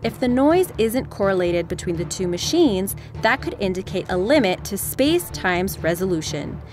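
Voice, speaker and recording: A woman reading scripted science-video narration in a brisk, wry explainer manner, played from a video. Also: medium pitch, very animated, over music.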